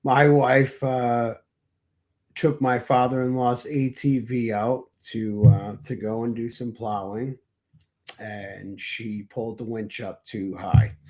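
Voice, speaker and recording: A man being interviewed as a guest, telling a personal story slowly and reflectively, with frequent hesitations. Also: mid-range voice, flat delivery, darkish tone. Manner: slow, reflective, hesitant with fillers.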